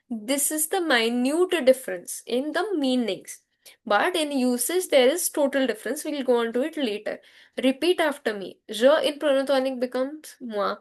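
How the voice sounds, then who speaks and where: Woman, Indian English accent, high voice, French teacher, slow repeat-after-me drilling. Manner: slow, repetitive drilling with call-and-response. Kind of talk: grammar lesson for students.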